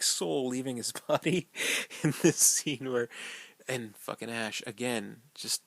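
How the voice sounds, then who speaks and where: A man's voice: medium pitch, fairly bright tone, no room sound. Rambling casual man giving film commentary. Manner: rambling, loose and profane, with frequent fillers and chuckles. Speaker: fan commentator.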